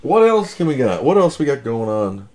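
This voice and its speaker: A man's voice: mid-range voice, big pitch swings, moderate pace, a little mellow. A man hosting a casual livestream from his basement studio, rambling and joking as he answers chat questions. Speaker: livestream host.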